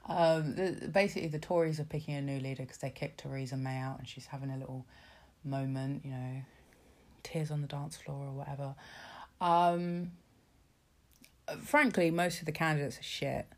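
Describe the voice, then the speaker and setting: A woman's voice: low voice, steady tone, moderate pace. A woman ranting casually about politics, sarcastic and exasperated, swearing freely and filling with asides. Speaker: vlogger.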